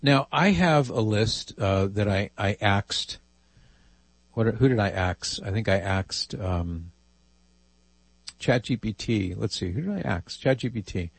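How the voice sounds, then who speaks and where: A man hosts a radio talk show with a lowish, slightly husky voice. He chats wryly and reads out listener emails. The studio sound is dry and close. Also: animated, unhurried, dry recording. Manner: chatty, wry, reads listener emails aloud.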